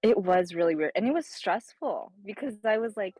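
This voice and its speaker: A woman's voice: medium pitch, fairly quick, husky, no echo, soft background music, poor audio. Young woman telling a story, dry sound. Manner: animated, acts out dialogue with lively voice changes. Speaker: guest telling a story on a stream. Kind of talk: casual storytelling.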